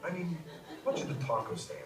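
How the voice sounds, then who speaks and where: An actor playing a restaurant diner who haggles over the bill in a hesitant, fumbling way. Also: male voice, a little high, huge pitch swings, a little fast, noisy background. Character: bargaining male restaurant diner, chuckling. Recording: distant echoey playback with music behind.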